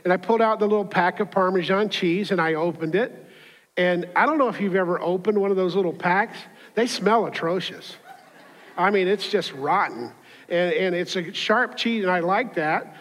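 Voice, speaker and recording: High-voiced pastor telling a funny story. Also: male voice, moderate pace, fairly bright tone. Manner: conversational, humorous, acts out voices in his anecdote. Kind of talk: sermon with personal storytelling. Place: church auditorium. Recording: hall reverb.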